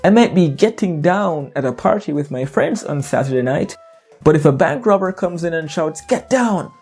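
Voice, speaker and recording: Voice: medium pitch, lively intonation, normal speed, darkish tone, husky, faint music behind. An English teacher giving an educational narration, explaining playfully with jokes and wordplay.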